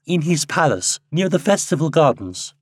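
A gentle young woman from a primitive realm, frightened but brave, as a male reader puts her on. Her soft, pleading lines sit well above a husky voice. The recording is dry and close. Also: on the high side, very animated, normal speed, no echo, voice pushed up. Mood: earnest.

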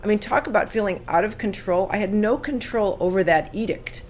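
A woman in her sixties from California, telling her life story as an interview guest, earnest and animated when recounting, quiet at painful moments. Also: medium pitch, fairly quick, slight background noise.

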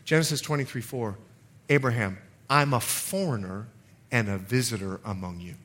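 A middle-aged man, a pastor, preaching a sermon in an animated way, acting out quotes and laughing often. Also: mid-range voice, normal speed, slightly rough.

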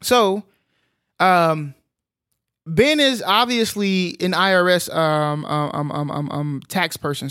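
Animated man recapping a film, dry sound. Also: on the high side, smooth, no room sound. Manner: animated storyteller with many filler sounds. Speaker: podcast co-host recapping a film. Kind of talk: casual film recap chat.

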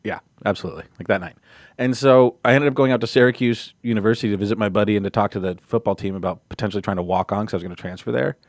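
A man rattles off stories quickly in a casual podcast chat. He is animated and leaps into high-pitched voices when he quotes people. The sound is dry and close. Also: no echo. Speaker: podcast guest.

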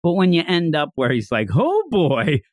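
A man co-hosting a casual chat about a story he is reviewing. He is animated and acts out the scenes in funny voices. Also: fairly high pitch, a little fast, no echo. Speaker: podcast co-host.

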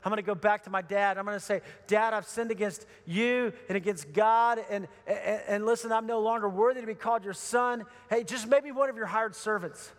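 A man's voice: sits high, brisk, few pauses, natural voice. A man preaching and voicing a remorseful younger son who stammers out an apology to his father, in an echoey hall. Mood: rehearsing. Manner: pleading, stammering.

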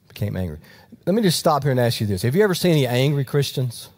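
Storytelling preacher. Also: male voice, mid-range voice, lively intonation, fast, darkish tone. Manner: conversational storytelling with asides to the congregation. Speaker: pastor. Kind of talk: sermon.

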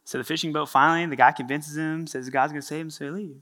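Bright-voiced storytelling male pastor. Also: fairly high pitch, quick pace. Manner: storytelling, animated, conversational. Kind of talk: sermon.

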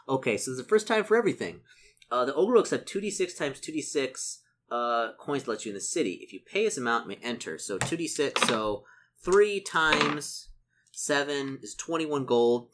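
A man plays through a solo tabletop adventure, reading rules and shop lists aloud. He gets excited easily and mutters through his sums. His pitch stays lively and animated. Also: moderate pace. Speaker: solo tabletop game player. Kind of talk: casual narration of a solo gamebook.

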